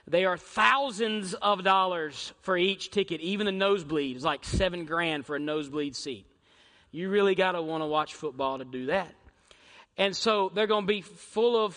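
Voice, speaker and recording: A male pastor preaching a sermon in a church, dramatic, swinging from shouts to hushed near-whispers and firing rhetorical questions at the congregation. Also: high-pitched, big-room sound. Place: church sanctuary.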